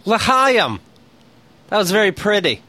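A man with a high, bright voice co-hosts a comedy podcast. He rants loudly, swings widely in pitch and mimics automated phone menus. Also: moderate pace. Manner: animated ranting with exaggerated mimicry of phone menus. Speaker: podcast co-host. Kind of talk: casual comedic podcast banter.

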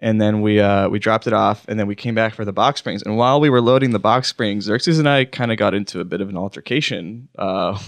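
A man's voice: fairly low pitch, fairly quick, few pauses, dry recording. A man co-hosting a podcast, telling a long story in casual chat and laughing often. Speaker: podcast co-host.

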